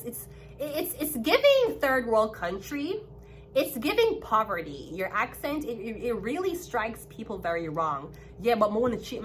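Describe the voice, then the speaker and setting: Animated Jamaican woman, fairly high voice. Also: slight background noise. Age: 30s. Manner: animated, emphatic, swearing, repeats herself. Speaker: tarot reader. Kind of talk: casual tarot reading monologue.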